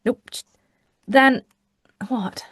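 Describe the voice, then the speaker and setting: A woman co-hosting a podcast in casual chat, brisk and teasing, who keeps steering the talk back on track. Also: a little high, a bit bright, husky, dry recording, clean studio sound. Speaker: podcast co-host.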